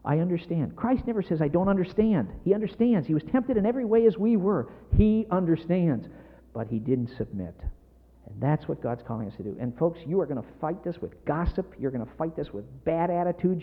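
Middle aged preacher guy getting worked up, bouncy higher voice, tinny lo-fi sound w/ long hall reverb. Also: lively intonation, a little fast. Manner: passionate, emphatic preaching with rising intensity. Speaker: pastor. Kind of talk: sermon.

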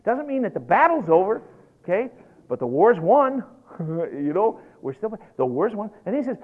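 A man preaching a sermon in an animated, folksy way, getting worked up as he goes. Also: high-pitched, normal speed. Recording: tinny lo-fi phone-like recording.

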